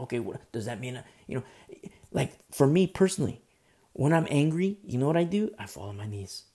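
Mellow-voiced man preaching with passion. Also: mid-range voice, sing-song, a little fast. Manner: impassioned, repetitive, with many restarts and asides. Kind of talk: sermon.

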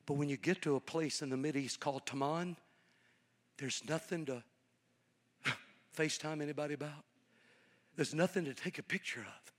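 A man's voice: on the high side, moderate pace, pauses often. A man preaching a storytelling sermon, folksy and conversational, swelling into a fervent preaching cadence. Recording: long reverb of a large hall.

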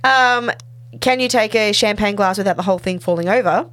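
A woman's voice: mid-range voice, brisk. A woman on a podcast, casually recapping a TV episode and acting out the characters' lines as she goes. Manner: animated retelling, acting out quoted lines. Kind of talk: casual chat.

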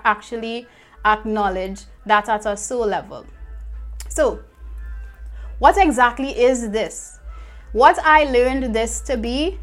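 A young adult woman, a life coach, telling her personal story in an earnest, reflective way, repeating phrases for emphasis. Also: a little high.

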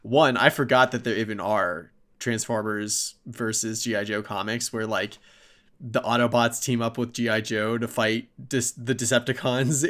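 A man co-hosting a podcast in casual chat, an excitable fan who fills his talk with "like". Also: mid-range voice. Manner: excitable fan, heavy on "like" fillers. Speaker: podcast co-host.

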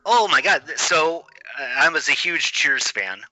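A man's voice: a little high, big pitch swings, unhurried, a crowd in the background, poor audio. A man in his forties, a podcast guest, telling stories with enthusiasm in casual chat. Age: 40s. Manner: enthusiastic storyteller.

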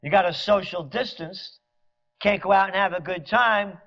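A man's voice: sits high, normal speed, pushed and bright. A man delivering a fiery, sarcastic political rant, mocking officials. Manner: fiery, sarcastic, mocks officials in mimicking voices. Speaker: commentator. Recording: dull lo-fi recording.

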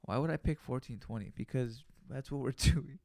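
A man's voice: mid-range voice, moderate pace, vocal fry, dark tone, dry recording, studio quality. A young man hosting a casual solo podcast, rambling and joking with lots of profanity and playful repeated asides. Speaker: podcast host.

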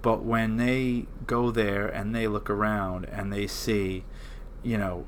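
A man working as a high school campus minister, chatting on a podcast in a halting way with many fillers. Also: flat delivery, a little hiss or hum. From New York area. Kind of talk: casual podcast chat.

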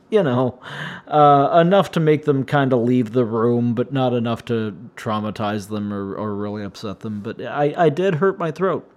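A man hosting a solo podcast, his voice slightly hoarse and shaky, rambling and wryly complaining as he talks. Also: medium pitch, moderate pace, darkish tone. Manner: meandering, self-interrupting, wry complaints. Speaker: podcast host.

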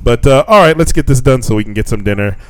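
A man co-hosting a podcast in casual chat, telling stories with lots of swearing and squeaky voices when quoting people. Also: expressive, fast talker, low-quality recording. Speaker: podcast co-host.

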